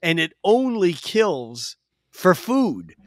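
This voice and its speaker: This man, a guest astrologer in a casual podcast chat, has a high-pitched, very animated voice and takes his time. He explains at length with expansive storytelling and frequent restarts, speaking into a podcast microphone.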